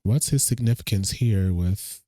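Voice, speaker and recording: A man's voice: lowish voice, unhurried, warm tone, faint music behind. Chatty man reacting to a trailer. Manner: chatty, thinks aloud, addresses viewers as y'all. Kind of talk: casual reaction commentary.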